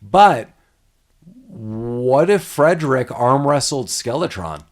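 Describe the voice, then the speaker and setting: Laughing, animated man retelling a film. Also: medium pitch, slow pace. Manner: laughs often, animated retelling with acted quotes. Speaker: podcast co-host recapping a film. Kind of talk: casual chat.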